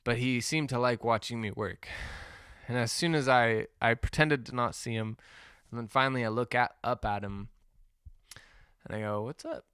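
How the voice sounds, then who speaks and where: A man hosting a podcast, delivering a rambling, profane comedic rant in a deadpan way. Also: mid-range voice, moderate pace, clean tone, dry recording, studio quality. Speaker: podcast host.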